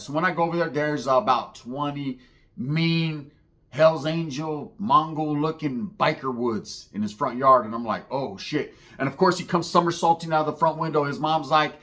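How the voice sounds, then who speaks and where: A man's voice: on the high side, normal speed. A man telling a profane street story, acting out the voices of the people in it. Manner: profane, animated, acts out other voices.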